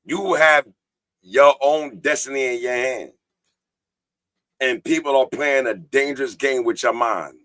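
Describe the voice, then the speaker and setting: Bright-voiced man preaching on a live stream. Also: medium pitch, unhurried, pauses often, no echo. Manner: preachy, profane, reads viewer comments aloud. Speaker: podcast host. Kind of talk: casual live-stream talk.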